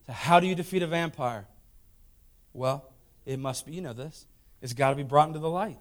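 High-voiced preacher swinging loud to hushed. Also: male voice, fairly quick. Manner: swings from loud shouting to hushed, intimate delivery; emphatic, repeats lines for emphasis. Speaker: pastor. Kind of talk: sermon.

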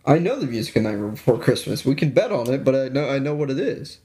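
Young man, measured podcast talk. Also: mid-range voice, sing-song, dark tone. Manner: measured, argues his picks. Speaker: podcast co-host. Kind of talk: casual chat.

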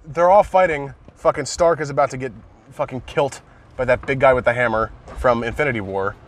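A man in casual conversation about movies, retelling scenes excitedly and swearing often, recorded in a car. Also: mid-range voice, brisk.

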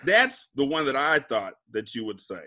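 A man's voice: medium pitch, moderate pace. A man co-hosting a podcast in casual, joking chat with friends. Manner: animated, laughing banter. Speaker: podcast co-host.

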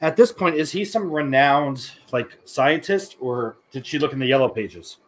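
A man's voice: medium pitch, expressive, moderate pace, slight background noise. Man cracking crude jokes at a movie. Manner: crude, joking running commentary. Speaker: podcast co-host. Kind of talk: casual movie watch-along chat.

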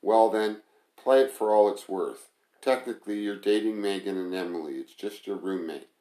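A man's voice: lowish voice, moderate pace, mellow, close to an everyday voice. A man voicing a brash, scornful male restaurant manager who is blunt and bossy with his friend, in an echoey room. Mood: teasing.

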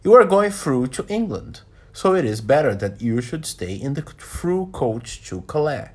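A genial, formal older gentleman from a storybook, speaking in a lively voice, as a man reading aloud puts him on. His tone is a touch husky. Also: mid-range voice, moderate pace. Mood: friendly.

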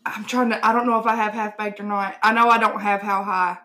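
A woman's voice: medium pitch, level tone, a little fast, pushed and bright. A woman chatting casually with friends, reacting with exclamations. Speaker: guest. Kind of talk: casual chat.

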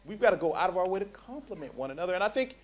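Animated preacher man with a lively voice. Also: high-pitched, very fast. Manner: animated, jokey, repeats words when building up. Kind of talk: sermon.

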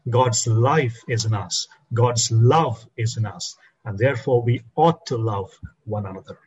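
Husky-voiced man preaching a slow sermon. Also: darkish tone, lo-fi sound. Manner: slows and drops low to stress key phrases. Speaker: pastor.

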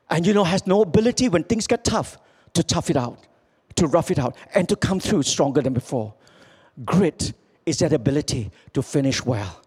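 A man preaching a sermon as pastor, swinging from loud calls to quiet, low lines.

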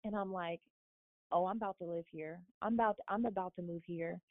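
A young woman from Florida, a guest telling her story in a casual, animated way and often quoting others. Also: fairly low pitch, fairly quick, dry recording. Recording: dry tinny phone-line sound.

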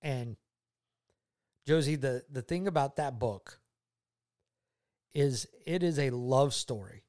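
A man speaking to his daughter, telling his faith testimony in an earnest, heartfelt way, often repeating himself and going quiet when moved. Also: mid-range voice, takes it slowly, pauses often. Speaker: father talking with his daughter.

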